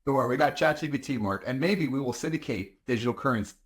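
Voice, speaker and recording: A man's voice: medium pitch, fairly quick. A man co-hosting a casual talk, agreeing briefly and adding light jokes. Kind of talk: casual conversational chat.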